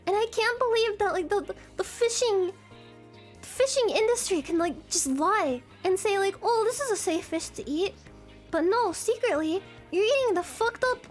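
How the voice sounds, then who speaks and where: Very high-pitched, unhurried, profane woman streamer. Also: animated, soft background music. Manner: profane, rambling, giggly. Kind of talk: casual chat.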